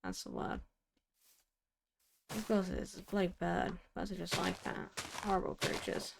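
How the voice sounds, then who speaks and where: Heavy background noise surrounds a young woman streaming a game, her fairly low, gravelly voice very animated at normal speed. Chatty and wry, she narrates to herself and scolds things with mock outrage.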